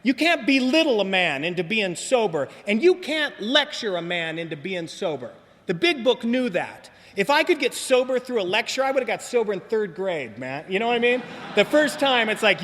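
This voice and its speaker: A man speaking at a recovery meeting, telling personal stories in an animated, slangy way. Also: extremely high pitch, normal speed. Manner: animated storytelling with slangy asides. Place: meeting hall. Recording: long hall reverb.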